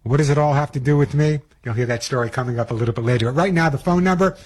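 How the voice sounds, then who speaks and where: A man's voice: mid-range voice, very fast, breathy edge. A middle-aged man with a New York accent hosting a call-in pet radio show, chatty and upbeat, rambling with restarts.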